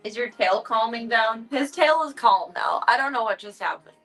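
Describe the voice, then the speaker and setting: A woman's voice: a little high, animated, normal speed, fairly bright tone, soft background music, low-quality recording. A woman livestreaming from home, chatting casually and cooing playfully at her cats in baby talk.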